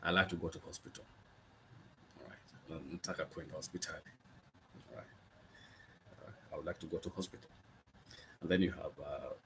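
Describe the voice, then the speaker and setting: A man teaching useful phrases in a casual lesson, patiently repeating each one slowly and checking in with frequent okays. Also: low-pitched, gravelly, a little hiss or hum. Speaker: Swahili language teacher. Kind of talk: casual spoken language lesson.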